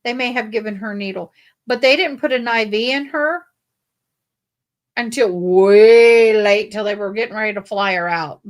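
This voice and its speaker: A woman chatting on a live stream, telling stories with lively emphasis. Her voice sits a little high. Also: fast. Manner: animated, emphatic storyteller. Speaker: livestream co-host. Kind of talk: casual chat.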